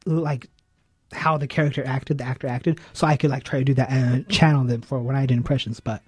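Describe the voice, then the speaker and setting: A young man hosting a radio interview, talking in a relaxed, rambling way and often murmuring agreement. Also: mid-range voice, a little fast, slightly rough, no echo. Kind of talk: casual interview chat.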